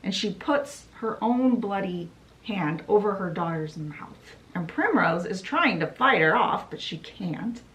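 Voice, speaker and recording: Brief: unhurried young woman vlogger, casual plot retelling full of "she's like". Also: medium pitch, lively intonation, fairly bright tone, rough recording. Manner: storytelling with fillers like "she's like". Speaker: book vlogger. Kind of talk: casual book summary.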